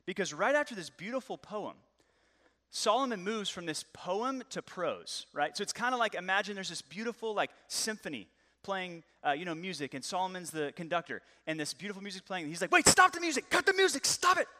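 A man in his thirties, a pastor preaching a lively, joking, conversational sermon. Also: sits high, fairly quick. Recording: long hall reverb.

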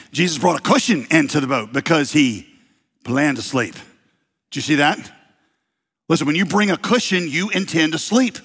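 A man preaching to his congregation in a long-echoing hall. His voice sits a little high and has a husky edge. He tells the story with lively swings between soft, quiet asides and shouted high points. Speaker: pastor. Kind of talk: sermon.

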